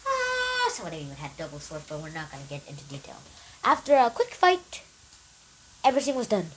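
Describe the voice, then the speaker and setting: A young book reviewer excitedly retelling a story in a casual, animated way. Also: medium pitch, fast, background noise.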